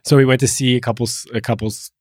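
A man's voice: medium pitch, little pitch movement, quick pace, a little mellow, no echo, studio quality. A man hosting a podcast interview, frankly sharing a personal story.

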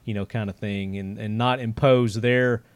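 This casual podcast host's voice is lowish and clean, with fairly even intonation and a moderate pace on a dry recording. He tells stories in a rambling way, leaning on fillers and chuckling frequently.

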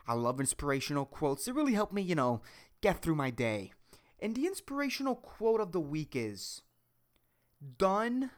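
A man hosting a solo comedy podcast, rambling and self-mocking, crude, with a high squeaky voice. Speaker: podcast host.

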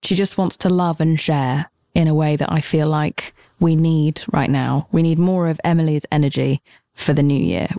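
A woman hosting a podcast, her voice hoarse from a cold, talking in an effusive, enthusiastic way. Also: sits low, mellow, no room sound. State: sick, hoarse voice. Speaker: podcast host. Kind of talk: podcast intro and interview.

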